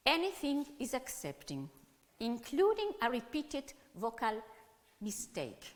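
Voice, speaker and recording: A woman's voice: a little high, wildly swooping pitch. Woman lecturing in a reverberant hall. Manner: halting, non-native phrasing, addresses the audience directly. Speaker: music educator giving a symposium talk. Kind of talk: conference presentation. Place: conference hall.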